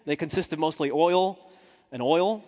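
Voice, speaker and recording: A man's voice: fairly high pitch, measured pace, darkish tone, long reverb tail, a little hiss or hum. A man, a journalist, telling a humorous story to a live audience in a chatty, self-deprecating way with asides to the crowd.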